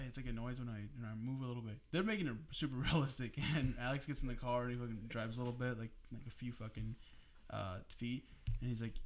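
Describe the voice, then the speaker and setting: A young man co-hosting a podcast, telling a story casually among friends in an animated way, swearing freely and laughing as he goes. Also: mid-range voice, a little hiss or hum. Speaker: podcast co-host.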